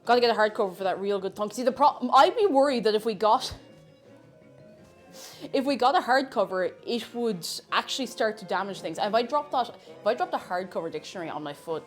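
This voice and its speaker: A woman's voice: medium pitch, animated, brisk, soft background music. A woman chatting casually on a live stream while she cooks, playful and giggly, repeating words for fun.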